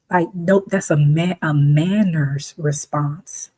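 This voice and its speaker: A woman's voice: sits low, steady tone, slow, hardly any pauses, dark tone. A woman hosting a reflective talk, speaking emphatically and conversationally, sometimes acting out the voices of the people she quotes. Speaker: host.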